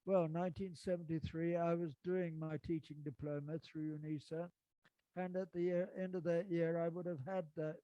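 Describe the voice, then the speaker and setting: A man, reading poems and telling an anecdote with lively, acted-out dialogue. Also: on the high side, moderate pace, no room sound, muffled recording. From England. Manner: dramatic, animated storytelling with acted dialogue. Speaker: storyteller and poet.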